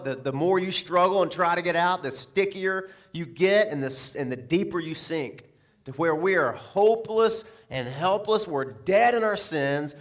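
A male pastor delivers a sermon with a slightly higher-than-usual voice. He keeps it lively, throwing out rhetorical questions and little laughs as he builds his points.

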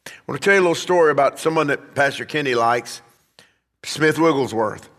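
A man's voice: medium pitch, animated, a little fast, a bit bright, big-room sound. A man preaching a sermon as pastor, swelling to emphatic peaks as he drives his points home. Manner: preaching, rising and emphatic at climaxes.

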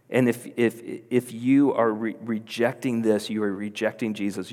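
A man preaching a sermon as pastor, earnest and building to emphatic, insistent peaks. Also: mid-range voice. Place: church hall. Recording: long hall reverb.

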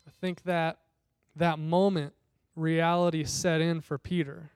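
Male pastor, high clear voice, casual storytelling sermon, dry close sound. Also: level tone, a little slow, no room sound. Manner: conversational storytelling, voicing the people in the scripture.

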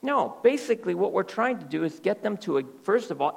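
A male pastor preaching a sermon in an animated way, often dropping to soft, hushed tones. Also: high voice, brisk, vocal fry, hardly any pauses.

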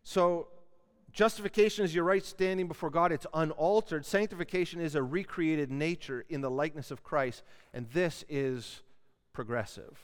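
Male preacher, higher-pitched, earnest, emphatic, reverberant church room. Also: normal speed, clean tone. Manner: earnest, building emphasis on key words. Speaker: pastor. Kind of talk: sermon. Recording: long hall reverb.

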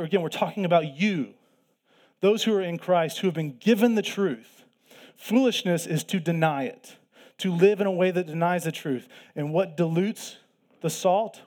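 A man's voice: a little high, darkish tone. A man preaching a sermon in a conversational, teaching way, emphatic at times and often restarting his sentences. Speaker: pastor.

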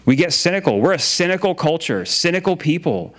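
A man's voice: on the high side, big pitch swings, a little fast. A man preaching a sermon in a casual, conversational way, often repeating his phrases and using filler words. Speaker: pastor.

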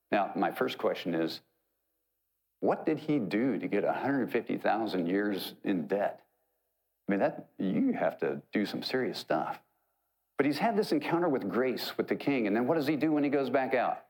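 A man's voice: mid-range voice, sing-song, moderate pace, darkish tone, poor audio. A man preaching a sermon, retelling a parable in a conversational, joking way. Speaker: pastor.

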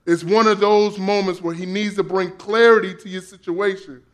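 A man's voice: high voice, fairly even intonation, moderate pace, fairly bright tone. A man preaching a sermon in a conversational, playful way, using slang and acting out quoted voices. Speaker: pastor.

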